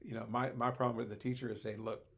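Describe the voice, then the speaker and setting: A man's voice: medium pitch, level tone, fast talker. An older man, a former teacher, speaking as a podcast guest in a thoughtful, rambling way with many hesitations. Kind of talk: conversational podcast discussion.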